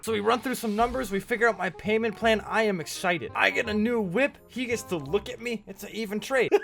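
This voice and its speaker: A young man in his twenties hosting a game video, telling comic stories with animated, joking delivery and frequent laughs. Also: sits high, moderate pace, gravelly. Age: 20s. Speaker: let's play host. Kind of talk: gameplay commentary with comic storytelling. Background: faint background music.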